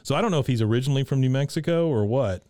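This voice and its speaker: A man's voice: mid-range voice, animated, very fast, mellow, dry recording, clean studio sound. A man co-hosting a podcast, casually retelling scenes from a cartoon episode and quoting the characters' lines in his own voice. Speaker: podcast co-host recapping an episode. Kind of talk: casual chat.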